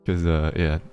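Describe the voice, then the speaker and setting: A man streaming casually with a deep bass voice, relaxed and often chuckling, talking in fits and restarts. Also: clear, resonant tone. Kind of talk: casual chat with chat readers.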